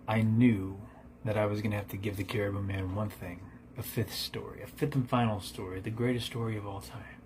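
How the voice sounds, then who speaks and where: A man narrates an absurd comic ghost story in a deadpan, rambling manner, at times dropping to a whisper. His voice sits low. A faint ambient hum stays under the recording.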